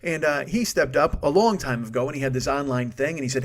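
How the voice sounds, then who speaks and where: A man's voice: mid-range voice, fairly quick, hardly any pauses. A man in his forties hosting a comedy podcast, rambling through a profane monologue, cutting himself off and laughing at his own jokes. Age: 40s. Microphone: studio microphone.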